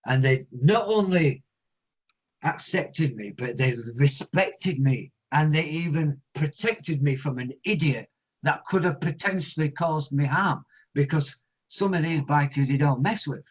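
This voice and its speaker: A man with an English accent, a guest musician telling stories in an interview, animated and acting out other people's voices. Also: on the high side, unhurried, husky. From England. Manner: animated storyteller, acts out quoted voices. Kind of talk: storytelling interview answers. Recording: lo-fi muffled audio.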